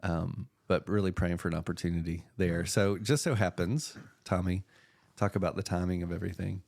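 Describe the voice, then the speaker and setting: A man's voice: sits low, fairly quick, creaky, a little mellow, no echo, clean studio sound. A man who preaches at church, co-hosting a faith podcast in casual, earnest, reflective chat.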